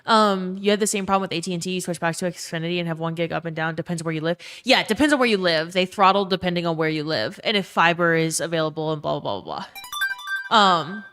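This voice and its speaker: Ranting woman streamer, slightly low voice. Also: fast, few pauses, a bit bright, smooth, faint music behind. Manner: ranting, profane, reads chat messages aloud. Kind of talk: casual live-stream chat. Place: her own emptied bedroom.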